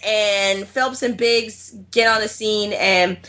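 A woman with a bright, clear voice co-hosts a podcast, chatting casually and with animation. She swears freely and uses plenty of fillers. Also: medium pitch, takes it slowly. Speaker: podcast co-host. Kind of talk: casual chat about games and films.

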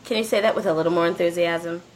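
A woman's voice: on the low side, fairly even intonation, quick pace. A woman hosting a podcast in casual banter, joking and directing her co-hosts. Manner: bossy, joking, directs the takes. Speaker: podcast host.

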